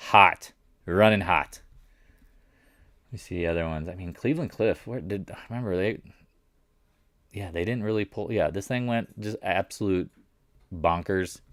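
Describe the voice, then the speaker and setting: A man with a low, deep voice hosts a live market recap in a loose, chatty way. He gets excited and rambles, hopping from one thought to the next. The sound is dry and close, with no room echo. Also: moderate pace, long pauses. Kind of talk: casual live stream commentary.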